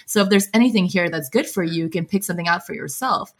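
A woman's voice: quick pace, husky. Woman voicing a cool, smug ghost lord. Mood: doting. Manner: quiet, low, disdainful. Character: calm, smug young ghost lord doting on a god. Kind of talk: podcast book recap read-aloud.

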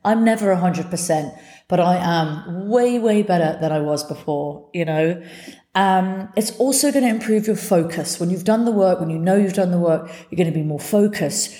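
A woman's voice: on the low side, moderate pace, dark tone, roomy sound. A woman hosting her own podcast, talking candidly and from the heart, swearing freely as she speaks. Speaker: podcast host. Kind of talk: candid solo podcast talk.

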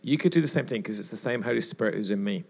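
A man's voice: on the low side, racing, creaky. A man giving a sermon at a church retreat, telling a story and acting out the voices in it. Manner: animated storyteller acting out dialogue. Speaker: retreat speaker.

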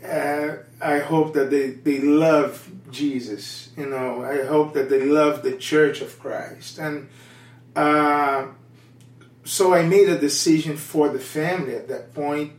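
A Brazilian-accented man, a Portuguese speaker using English, tells a personal testimony in a candid, earnest way, often restarting his phrases. His voice sits a bit high for a man, and he speaks slowly. The sound is roomy and echoey, picked up from some distance off the mic. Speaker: missionary guest.

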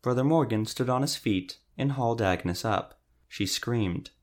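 A man narrating an audiobook in a steady, even reading voice. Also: medium pitch, unhurried. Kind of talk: scripted narration.

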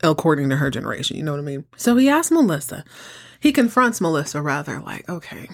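Brief: chatty, sassy female host with a lowish voice, casual recap. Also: big pitch swings, fast talker. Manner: sassy, chatty, wry asides. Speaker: podcast host. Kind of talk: casual soap opera recap.

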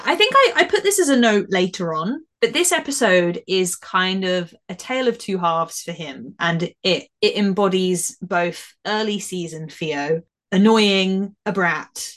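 This podcast co-host has a fairly low voice and talks a little slowly. Reviewing a TV episode, she's chatty and animated, laughing easily and frequently trailing off to begin her sentences again.

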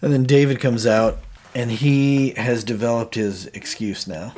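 A man's voice: mid-range voice, fairly even intonation, unhurried, darkish tone, slight background noise. A man co-hosting a casual podcast, retelling scenes animatedly with quoted lines and plenty of fillers. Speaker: podcast co-host. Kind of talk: casual recap chat.

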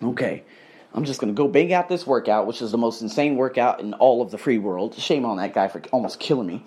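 A man's voice: medium pitch, fairly quick. A man hosting a podcast, telling a personal story in a rambling motivational monologue, swearing casually and talking straight to his listeners. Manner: rambling, animated, swears freely, addresses listeners as guys. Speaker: podcast host.

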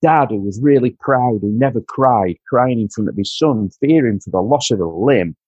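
A man telling an emotional personal story in a halting way, repeating words and growing quiet and choked at times. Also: medium pitch, animated, husky, dry recording. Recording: dull lo-fi dry sound.

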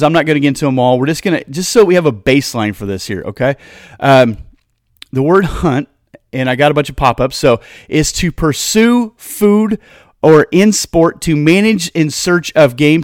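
A man's voice: on the high side, dry recording, studio quality. A man hosting a podcast, preaching with fire and throwing rhetorical questions at his listeners. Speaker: podcast host. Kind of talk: casual podcast monologue.

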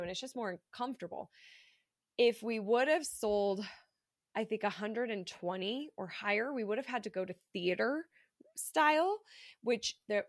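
A woman's voice: mid-range voice, no room sound. A woman talks through a solo podcast episode in a loose, candid way, dropping fillers and the odd swear word. Her voice is a little stuffed up from allergies. The recording is dry and close, with no room sound. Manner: candid, chatty, swears casually, many fillers. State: congested from allergies. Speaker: podcast host. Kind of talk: casual solo podcast monologue.

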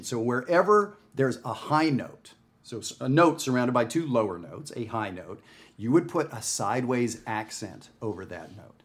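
A man from Canada talks through a jazz lesson to camera. He speaks in a conversational way, stressing his points and checking in with the viewer. His voice sits at a middling pitch. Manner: conversational, emphatic, frequent "right?". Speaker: jazz music teacher. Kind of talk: casual video lesson. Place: home studio with his dog.

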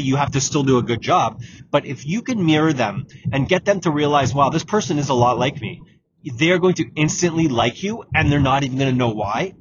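A man hosting a solo podcast, giving direct coaching advice and repeating key points. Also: mid-range voice. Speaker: exam prep podcast host. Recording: dull lo-fi audio with clear background noise.

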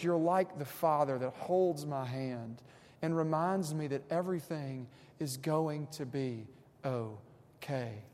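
A pastor preaches a sermon, shifting between hushed, reflective passages and emphatic, rising points, with casual conversational asides mixed in. His voice is a little high, and the sound is that of a big room.

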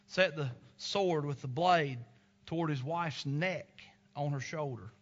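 A man's voice: fairly high pitch, a bit bright. A man preaching a sermon in an earnest, emphatic and tender way. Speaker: pastor. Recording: slightly dull lo-fi recording.

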